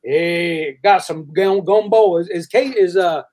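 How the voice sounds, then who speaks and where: High-voiced rambling man. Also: slow, darkish tone. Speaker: fishing and cooking show host. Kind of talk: casual podcast chat.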